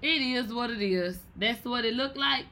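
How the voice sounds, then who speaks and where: A woman from Texas, hosting a podcast with animated, profane commentary and loud exclamations. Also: on the high side, normal speed, background noise. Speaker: podcast host. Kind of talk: casual commentary.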